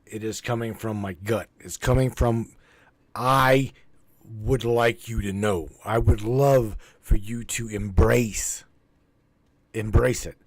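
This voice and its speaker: A man hosts a spiritual livestream, chatting casually with his live chat in a rambling, repetitive and emphatic way, with plenty of swearing. His voice is fairly low, with fairly even intonation, and he speaks slowly. The recording is dry.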